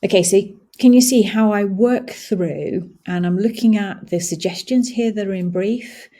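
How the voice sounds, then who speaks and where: Woman host, husky and mellow, casual screen-share walkthrough, thinks aloud with fillers. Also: mid-range voice, moderate pace. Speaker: blogging tutorial host.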